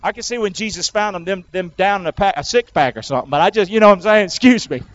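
A man's voice: high voice, fast talker, dull audio. A man preaching an Easter sermon, urging the congregation to repeat after him. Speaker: pastor.

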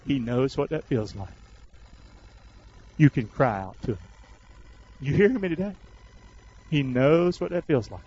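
A man preaching a sermon, calling on the congregation to answer back and swinging between shouts and hushed words. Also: mid-range voice, animated, measured pace, long pauses, slightly rough. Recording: dull lo-fi recording.

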